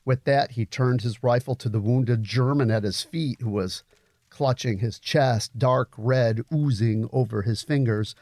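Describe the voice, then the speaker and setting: A man narrating a story in a measured, grave audiobook reading. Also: medium pitch, warm tone, no echo. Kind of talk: scripted narration.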